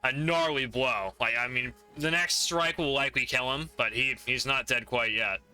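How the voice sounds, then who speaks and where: Bright-voiced man running a tabletop game. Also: mid-range voice, moderate pace, smooth, soft background music. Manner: laughing often, vivid descriptions. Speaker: game master.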